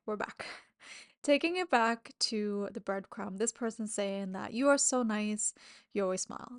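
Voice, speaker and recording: A woman with a fairly high voice hosts her own podcast, delivering a candid, chatty solo monologue where she swears freely and laughs between thoughts. The recording is dry and studio quality.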